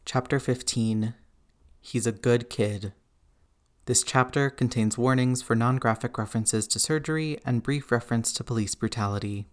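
A man narrating fiction in a measured, even audiobook reading. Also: mid-range voice. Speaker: reader.

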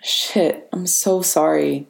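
A woman voicing an anxious teenage boy superhero who speaks hesitantly and in halting bursts in an audiobook reading. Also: sits low, fairly even intonation, vocal fry, full character voice. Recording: roomy reverberant room.

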